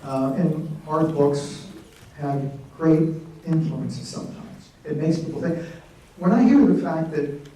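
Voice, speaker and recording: A man's voice: a little high, slow pace, dark tone. A man in his sixties telling comic stories to a library audience, acting out the voices of people in his stories. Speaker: author at a library event. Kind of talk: storytelling talk on stage. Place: large hall, live audience. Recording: echoey hall, mic from a distance.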